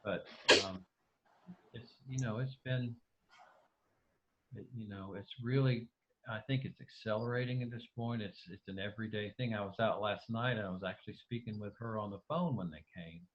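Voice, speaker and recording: A man's voice: on the low side, moderate pace, lo-fi sound. A man being interviewed over a video call, speaking hesitantly with many restarts and fillers. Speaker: interview guest.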